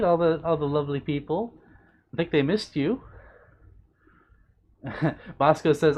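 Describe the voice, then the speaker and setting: A man's voice: animated, measured pace, pauses often, a little mellow, a little hiss or hum. Bubbly, doting man chatting on a stream. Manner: playful, doting, bubbly, with big pitch swings. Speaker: livestreamer reading chat. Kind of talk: casual live-stream chat.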